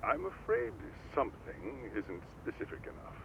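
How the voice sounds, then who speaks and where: An actor playing a formal older male school administrator who speaks in a measured way. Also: mid-range voice, huge pitch swings, gravelly, noisy background.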